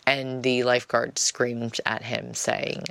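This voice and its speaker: A woman's voice: rumbling low, little pitch movement, takes it slowly, gravelly, fairly bright tone, dry recording. A woman telling a personal story in a casual, chatty monologue, often dropping "like" as filler.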